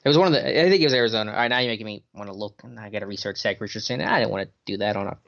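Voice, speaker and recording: A man co-hosting a casual sports talk podcast, relaxed, thinking aloud with fillers as he answers questions. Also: on the low side, very fast, gravelly. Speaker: podcast co-host. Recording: dull lo-fi audio.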